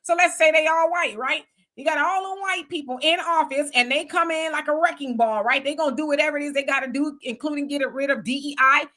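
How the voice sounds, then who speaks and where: A woman hosting a live commentary stream with a high, bright voice. She talks loosely and conversationally, firing off emphatic rhetorical questions one after another. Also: brisk. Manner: loose conversational street talk. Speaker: commentary host. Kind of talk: livestream commentary.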